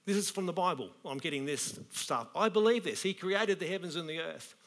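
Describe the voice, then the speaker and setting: Male pastor, slightly high voice, casual and animated sermon delivery. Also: a little fast. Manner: colloquial, animated preaching.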